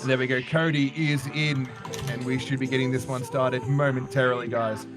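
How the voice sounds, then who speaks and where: A man calls a video game match with quick, excitable play-by-play and a joking streak. Music plays clearly behind his voice. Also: medium pitch. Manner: energetic, jokey, excitable. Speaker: esports caster. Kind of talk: play-by-play commentary.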